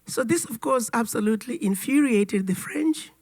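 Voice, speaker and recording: A woman ambassador giving a formal speech, hoarse and raspy as she gets over a cold, telling history with emphatic storytelling. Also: a little high, lively intonation, normal speed, darkish tone. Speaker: ambassador giving a keynote address.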